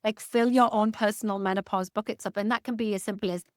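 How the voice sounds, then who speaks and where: A woman's voice: mid-range voice, steady tone, fast, dry recording, clean studio sound. A woman in her fifties, a guest expert in a casual podcast interview, talking candidly with jokes and casual swearing.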